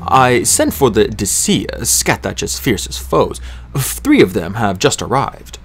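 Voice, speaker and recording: Man playing an elegant older schemer, soft, mild, slow and measured, audiobook figure. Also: lowish voice, big pitch swings, breathy edge, heavily acted. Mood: smooth.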